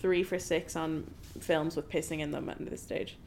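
A woman's voice: deep voice, steady tone, normal speed, a little mellow, a little hiss or hum. A woman co-hosting a podcast, chatting casually and playfully about a film, often laughing. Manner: giggly, playful, jokey. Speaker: podcast co-host. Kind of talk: casual film-review chat.

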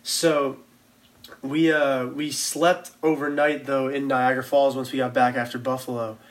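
A man's voice: mid-range voice, level tone, unhurried. A man in his twenties, a band member, telling tour stories in a rambling, casual way, full of slang and restarts. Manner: rambling, lots of fillers and restarts, loose slang. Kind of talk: casual storytelling chat.

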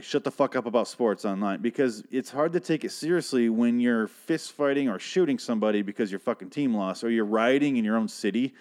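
A man's voice: medium pitch, a little mellow. A man from Michigan hosting an unscripted solo podcast, rambling and swearing in an exasperated rant. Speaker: podcast host.

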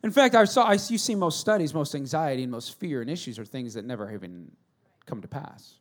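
A middle-aged man preaching a sermon as a pastor, telling stories with humor and swinging between loud and hushed delivery. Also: mid-range voice, expressive, fairly quick.

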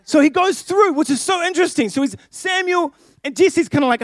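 A young man delivers a sermon in a playful, jokey way, turning to speak straight to his listeners. His voice sits noticeably high. The sound is close and dry. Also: moderate pace, few pauses, dry recording. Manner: playful, jokey, addressing the congregation. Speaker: preacher.

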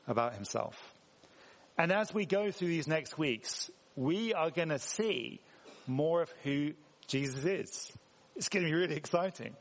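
A man preaching a sermon in a church, talking conversationally and putting questions to the congregation. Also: a little high. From England. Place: church hall. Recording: reverberant church hall.

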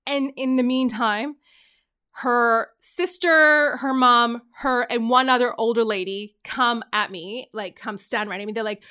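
A woman's voice: fairly high pitch, unhurried, clean tone. A woman from Canada hosting a podcast, telling a story in casual chat and acting out what people said. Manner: animated storyteller, acts out quoted lines. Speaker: podcast host.

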